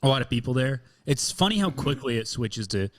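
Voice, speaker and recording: A man on a comedy podcast, bantering in a casual, jokey way. His pitch swings widely and sits mid-range, so he sounds lively and animated. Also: fairly quick. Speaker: podcast co-host.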